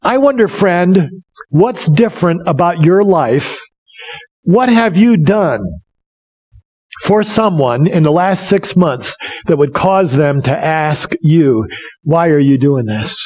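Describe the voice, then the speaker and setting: A man's voice: high voice, animated, slow, darkish tone. A male pastor preaching a sermon, telling a story in an earnest way with frequent restarts.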